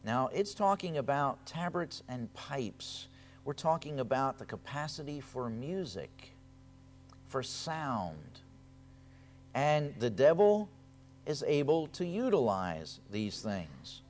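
A man preaching a sermon, reading scripture aloud with raised emphasis and then explaining it in a quieter, conversational way, repeating key phrases. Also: mid-range voice, big pitch swings, slow.

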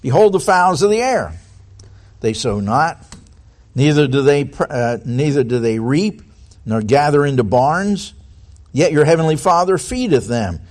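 Animated man preaching a sermon. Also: a little high, measured pace. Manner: asks the congregation many rhetorical questions; reads scripture aloud.

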